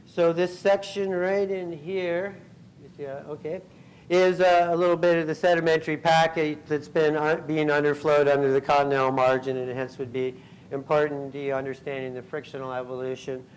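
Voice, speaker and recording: A man giving a scientific conference talk, pausing often with ums and uhs and clearing his throat. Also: fairly high pitch, level tone, slight background noise, low-quality recording. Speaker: conference speaker. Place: convention center hall.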